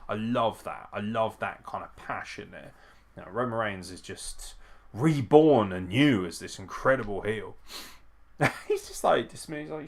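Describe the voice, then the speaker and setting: A man with a somewhat low voice talks through a live wrestling watch-along. His delivery is loose, casual chat, peppered with swearing and quick chuckles as he reacts to each moment. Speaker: wrestling show host.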